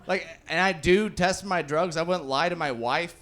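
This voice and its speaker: A stand-up comedian in his thirties, his voice on the high side and fairly bright, speaks at normal speed on a comedy club stage before a live audience. His set is casual, full of free swearing, and he acts out the voices of people in his stories.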